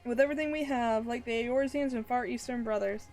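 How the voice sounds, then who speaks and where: A woman's voice: fairly high pitch, a little fast, darkish tone, soft background music, lightly acted. A woman voicing a determined frontline soldier man in a fantasy game, asking questions and vowing to fight. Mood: earnest.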